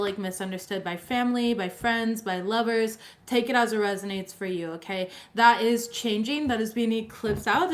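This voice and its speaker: A young woman giving a casual live-streamed tarot reading, chatty and full of fillers, often checking in with her viewers. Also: a little high. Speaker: tarot reader.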